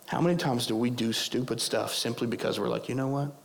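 A hoarse man preaching a sermon as pastor, conversational and prone to digressing. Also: medium pitch, fairly quick, slight background noise. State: hoarse, losing his voice.

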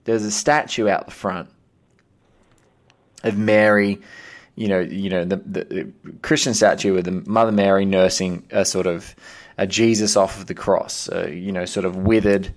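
A man's voice: low-pitched, steady tone, moderate pace. A man hosting a podcast, enthusiastic and thinking aloud with restarts in casual conversation. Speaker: podcast host.

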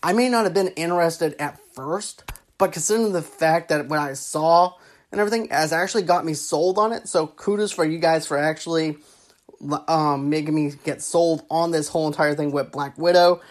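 Speaking at a normal pace in a low-pitched voice, this woman rambles through casual movie commentary. She often repeats herself, piling up fillers and returning again and again to "actually" and "go on ahead."

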